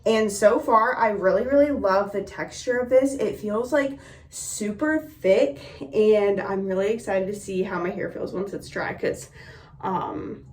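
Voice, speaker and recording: A woman's voice: medium pitch, a little slow, darkish tone. A young woman giving a casual hair tutorial in a chatty, friendly way with lots of fillers, slightly out of breath. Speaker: beauty vlogger. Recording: roomy echo, mic a bit distant.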